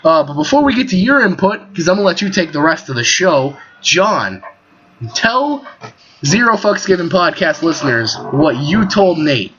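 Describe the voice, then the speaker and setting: A man hosting a casual podcast, telling a story in a profane, animated way over an internet call. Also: high-pitched, moderate pace, dull audio, slight background noise. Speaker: podcast host. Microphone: Skype call recording.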